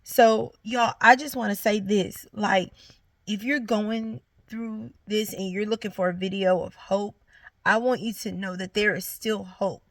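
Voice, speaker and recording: Earnest woman with a gravelly edge. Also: medium pitch, steady tone, measured pace, no echo. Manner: earnest, encouraging, speaks directly to viewers. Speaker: vlogger sharing her story. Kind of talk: heartfelt faith testimony to camera.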